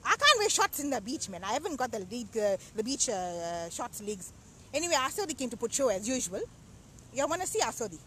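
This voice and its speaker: A woman playing a loud, bossy middle-aged aunty who hosts her own show, chatting and teasing, outdoors at a beach. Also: fairly high pitch, sing-song, fairly quick, a little hiss or hum. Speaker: show host.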